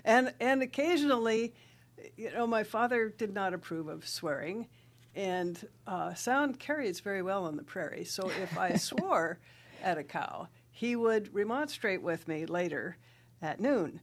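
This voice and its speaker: An older woman from South Dakota speaks as a guest writer and rancher. She tells her stories in a lively way, laughing often and breaking into recited verse. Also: mid-range voice, unhurried. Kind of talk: radio interview storytelling.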